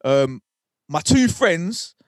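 A young podcast co-host tells a rambling, slang-heavy story in a podcast studio, animated and swearing in casual storytelling. His voice is a little high and extremely slow, recorded at studio quality with no echo.

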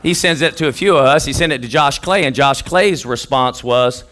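A male pastor preaching a sermon in church, energetic and joking, calling for answers from the congregation. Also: mid-range voice, normal speed, a little hiss or hum. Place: church sanctuary.

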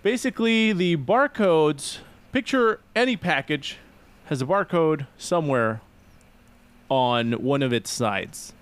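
A man's voice: fairly high pitch, takes it slowly, clear, resonant tone. A man hosting a podcast, casually introducing and explaining topics. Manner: relaxed, talks through topics with fillers and laughs. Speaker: podcast host.

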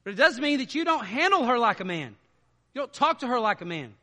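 A man preaching a sermon in a conversational way, dropping to quiet asides and rising to loud emphatic stretches. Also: extremely high pitch, sing-song, fast, in a large hall. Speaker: pastor.

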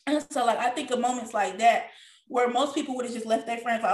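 A woman with a fairly high voice talks frankly and emotionally on a casual podcast, cursing freely as she tells her story. Her voice rings in an echoey room. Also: quick pace, a little mellow. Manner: candid, emotional storytelling with frequent profanity. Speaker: podcast co-host. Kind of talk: casual chat.

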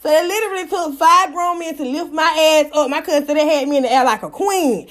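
Brash high-voiced woman telling a story. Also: fast. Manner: profane, brash and animated. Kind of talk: casual storytelling.

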